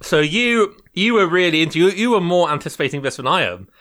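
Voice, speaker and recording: Bright-voiced man rambling on a podcast. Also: high voice, lively intonation, fast talker. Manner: rambling, hesitant, lots of ums and restarts. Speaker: podcast co-host. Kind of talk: casual chat.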